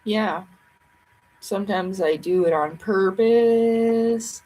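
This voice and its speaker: A woman's voice: mid-range voice, slow, dark tone, rough recording. A tired woman chatting playfully and ramblingly with viewers on a casual livestream.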